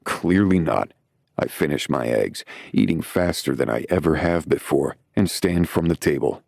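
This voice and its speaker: A man narrating a first-person romance audiobook in a low-key, wry manner, recorded on a close studio mic. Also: animated, moderate pace, gravelly, a little mellow, no room sound.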